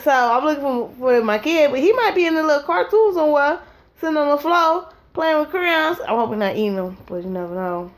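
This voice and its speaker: A woman vlogger and mother telling a rambling comic story at home during her child's naptime. She is animated and acts out scenes with silly voices and sound effects. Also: high-pitched, brisk.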